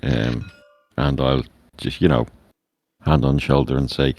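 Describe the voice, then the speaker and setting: A man's voice: extremely low pitch, very animated, measured pace, gravelly, a little mellow, dry recording. A man playing a tabletop game, chatting in a laid-back way. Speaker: player. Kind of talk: casual tabletop game chat.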